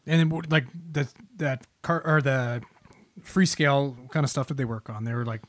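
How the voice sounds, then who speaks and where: A man of middle pitch banters as a podcast co-host, tossing in questions, jokes and curses. The sound is dry and close to the mic. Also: moderate pace, no echo. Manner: joking, profane, chimes in with questions.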